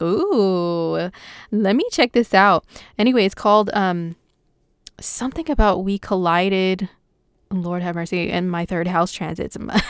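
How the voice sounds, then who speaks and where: A young woman astrologer chatting casually about the week's horoscope in an excitable, slangy way. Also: fairly low pitch, clear, resonant tone, no room sound, clean studio sound.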